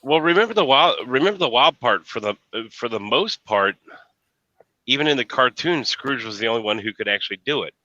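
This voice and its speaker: An American man chatting casually online, telling rambling stories with animated retellings. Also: mid-range voice, brisk, no echo, dull audio. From United States. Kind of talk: casual chat.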